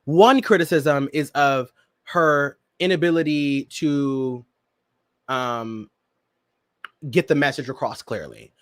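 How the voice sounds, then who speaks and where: A man's voice: fairly high pitch, slow, pauses often, dry recording, clean studio sound. A young man hosting a casual pop-culture commentary show, talking dramatically and laughing often. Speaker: podcast host.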